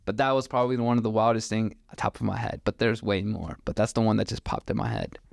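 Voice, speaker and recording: A young man in his twenties speaks quickly on a podcast in a fairly low, creaky voice with fairly even intonation, recorded dry. His casual chat rambles through stories loaded with "like" fillers.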